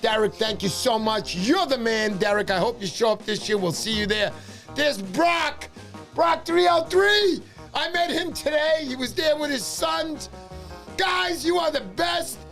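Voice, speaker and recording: A man hosting a fishing livestream, talking fast and excitedly, shouting cheers and pitching memberships. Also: vocal fry, faint music behind. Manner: loud, hyped, shouting cheers. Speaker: livestream host. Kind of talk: excited casual livestream chat.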